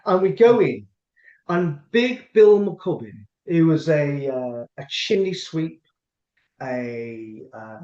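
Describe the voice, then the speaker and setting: A man's voice: fairly high pitch, sing-song, takes it slowly, darkish tone. A middle-aged man with a Scottish accent, host of a casual chat, telling a long rambling anecdote with lots of restarts. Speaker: podcast host. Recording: echoey room, dull lo-fi sound.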